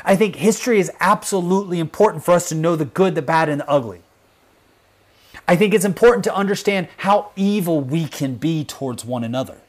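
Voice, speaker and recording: Man, livestream host, fervent commentary, fairly high voice, emphatic. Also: brisk. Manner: emphatic, drops to hushed intensity on serious points.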